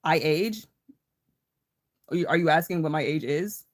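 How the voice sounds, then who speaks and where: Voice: mid-range voice, normal speed. A livestream host in a casual, rambling chat, swearing freely and greeting viewers in chat by name with a playful laugh.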